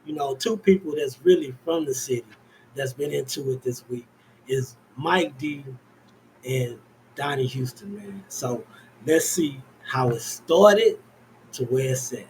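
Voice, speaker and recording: A man with a mid-pitched voice hosts a casual commentary show. He talks in a laid-back way, with faint noise in the background. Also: unhurried, darkish tone, low-quality recording. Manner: laid-back, inviting viewers. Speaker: host.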